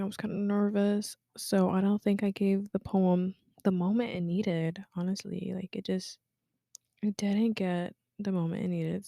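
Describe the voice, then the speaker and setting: A woman's voice: medium pitch, creaky, mellow, no echo, clean studio sound. A teenage woman from Guinea hosting a casual personal podcast, chatty and full of fillers, dropping to a whisper at times. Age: teens. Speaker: podcast host.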